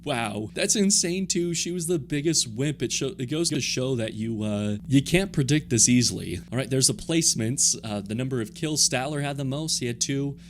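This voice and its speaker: Excitable man reacting to a simulation. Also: medium pitch, slight background noise. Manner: excitable, reacts loudly with sudden shouts. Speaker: channel host. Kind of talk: casual reaction commentary.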